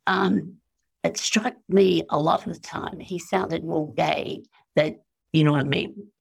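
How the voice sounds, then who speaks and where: An Australian woman talks slowly as an interview guest, her voice low and very raspy with strong fry. She muses through spiritual stories and slips into the voices she quotes. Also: steady tone. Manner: slow, musing storyteller acting out quoted voices.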